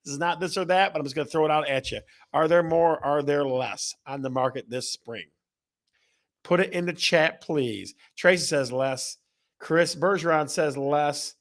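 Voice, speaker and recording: A man hosting a live online show, energetic and repetitive, rattling off viewer answers like an auctioneer. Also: a little high. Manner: energetic, auctioneer-like, repeats questions. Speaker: host. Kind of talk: livestream show host reading chat.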